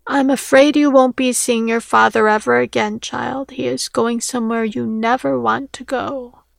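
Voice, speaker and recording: A woman reading the lines of a calm, solemn woman who speaks of death, in a storybook reading. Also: on the high side, moderate pace, vocal fry, no room sound.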